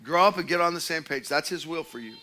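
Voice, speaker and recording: Male pastor, 50s, high and bright tone, animated sermon delivery. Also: fast talker. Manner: animated storytelling with acted quotes.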